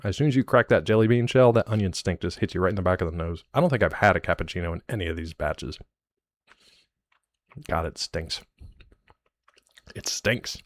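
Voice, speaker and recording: A man's voice: deep voice, fast. A man streaming live, chatting loosely with his viewers in a jokey, rambling way.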